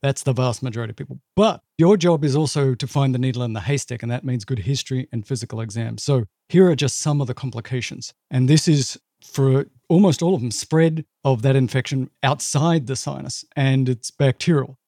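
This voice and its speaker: A man's voice: medium pitch, a little fast, few pauses, warm tone, dry recording, studio quality. A male physician co-hosting a medical education podcast, explaining clinical complications in a plain-spoken way with vivid asides.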